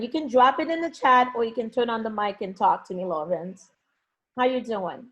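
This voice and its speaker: A woman's voice: fairly high pitch, normal speed, fairly bright tone. A woman teaching math in a live online review session, coaxing students with pet names and frequent check-ins. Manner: frequent check-ins like okay and all right.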